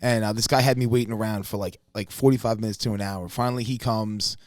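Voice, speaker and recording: A man's voice: lowish voice, fast talker, dry recording. A man co-hosting a podcast, telling a story in casual chat, swearing freely and acting out quotes. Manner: profane, animated storyteller who acts out quotes loudly. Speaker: podcast co-host.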